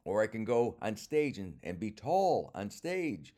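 A man's voice: lowish voice, sing-song, a little slow, mellow. An older man, a comedian, talking through a casual rambling monologue in a wry, self-mocking way and swearing freely.

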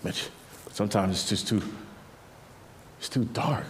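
A man preaching a sermon as pastor, swinging between quiet intimate passages and louder emphatic lines, often repeating words as he builds a point. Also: fairly low pitch, a little slow, pauses often, slight background noise. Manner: animated preaching, drops to quiet intimate tones and rises for emphasis. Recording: long reverb of a large hall.

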